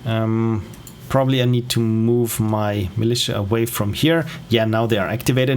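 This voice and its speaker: A man giving relaxed, rambling gameplay commentary on a livestream, with self-deprecating asides. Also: on the low side, normal speed, soft background music. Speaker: game streamer.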